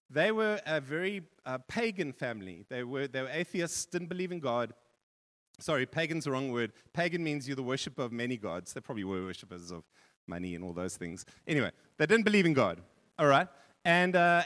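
A man with a fairly high voice preaches a sermon to his congregation. He talks in a loose, conversational way, often restarting and adding asides. His words ring out with a long reverb that fills the church hall. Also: fairly bright tone. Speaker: pastor.

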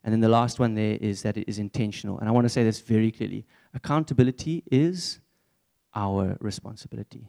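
Young male preacher, relaxed warm timbre, earnest and chatty. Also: on the low side, a little fast, gravelly. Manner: earnest, conversational, candid. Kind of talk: church sermon.

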